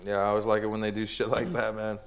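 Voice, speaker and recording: A man's voice: fairly low pitch, level tone. Chill guy cohosting a podcast, says dude a ton, lots of ums. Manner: laid-back, says dude and man a lot, halting with ums. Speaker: producer and co-host. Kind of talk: casual podcast chat.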